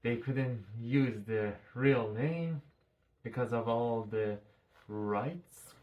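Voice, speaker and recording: Man, casual vlog review, speaking through a mask, slow pace, swears a lot, loose rambling delivery. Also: mid-range voice, highs cut off. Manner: rambling, swears freely, restarts sentences. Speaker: show reviewer.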